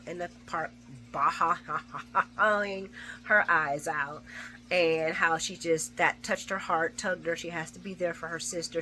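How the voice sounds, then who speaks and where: Bright-voiced woman recapping a soap. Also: fairly low pitch, slight background noise. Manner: animated, swears freely, acts out characters' lines. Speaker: soap opera recap vlogger. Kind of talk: casual spoken recap.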